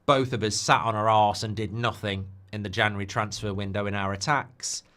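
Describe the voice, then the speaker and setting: A man hosting a live football watchalong, chatty and animated, with quick asides about the scores. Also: lowish voice. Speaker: host.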